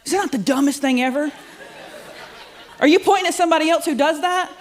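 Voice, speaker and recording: A woman's voice: high voice, fast talker. A middle-aged woman doing a stand-up comedy set, sassy and self-deprecating, chatting with the crowd. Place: comedy club studio with live audience.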